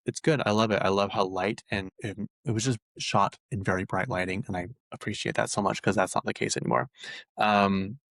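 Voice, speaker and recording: A man chatting casually as a vlog host, gushing and excitable with lots of fillers. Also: fairly low pitch, brisk, vocal fry, no echo. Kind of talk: casual chat. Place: lives in Utah.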